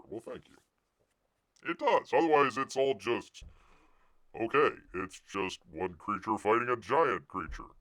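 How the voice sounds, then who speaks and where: A man hosting a casual live stream, ranting with loud outbursts and muttered asides. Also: lowish voice, big pitch swings, normal speed. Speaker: livestream host.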